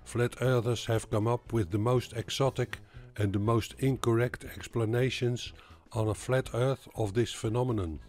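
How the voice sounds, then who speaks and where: Man, mid pitch, calm, matter-of-fact narration. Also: normal speed, faint music behind. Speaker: science video host. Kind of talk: scripted narration.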